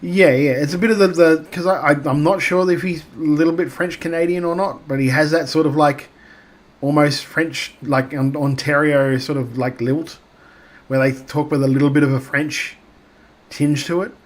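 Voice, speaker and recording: A man's voice: a little high, fairly even intonation, normal speed. An Australian man co-hosting a wrestling podcast, talking casually with lots of fillers and restarts. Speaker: podcast co-host.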